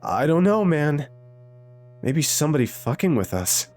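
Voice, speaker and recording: A man's voice: on the high side, big pitch swings, unhurried, darkish tone, faint music behind, pitched above the performer's own voice. A man voicing a cocky teenage scout boy with a brash, dismissive manner.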